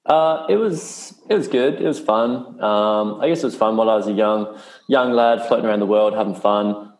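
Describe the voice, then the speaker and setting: A young Australian man, appearing as a podcast guest, talks in a loose, sarcastic, laid-back style and swears freely. His voice is on the low side and a little mellow, and the recording carries a roomy echo.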